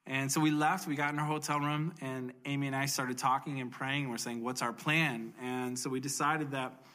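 Earnest man, mid-pitched, telling a personal faith story with feeling. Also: level tone, fairly bright tone. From United States. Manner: earnest, emotional, speeds up and slows for emphasis. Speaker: speaker sharing a personal testimony.

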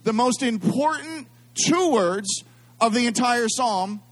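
A middle-aged man preaches a sermon in a notably high voice. He speaks in an animated, repetitive way and keeps calling on the congregation to say lines back with him. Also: slow. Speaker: pastor.

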